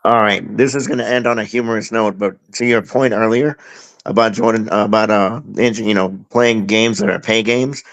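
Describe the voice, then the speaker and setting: A man's voice: fairly low pitch, steady tone, moderate pace, a bit bright, low-quality recording. A man co-hosting a sports podcast who asks a guest questions in an easygoing way. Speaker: podcast co-host. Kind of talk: casual podcast interview.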